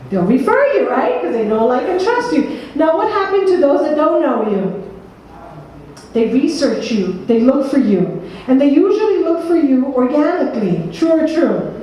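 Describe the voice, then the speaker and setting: A woman's voice: high-pitched, warm tone, slight background noise. A woman from New Jersey with a New Jersey accent, presenting a workshop seminar and quizzing her audience by name. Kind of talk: interactive seminar talk. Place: meeting room with an audience. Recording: echoey room from a distance.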